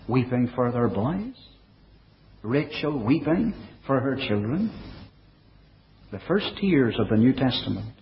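A man preaching a sermon in a measured way, dropping his voice low and soft for quoted verses. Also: a little hiss or hum. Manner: measured preaching, quoting scripture in older English. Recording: dull, lo-fi recording.

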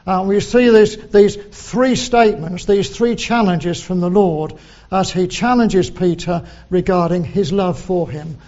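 A man preaching a sermon, slow and deliberate, quoting scripture in old English. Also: high voice, fairly even intonation, darkish tone, dull audio.

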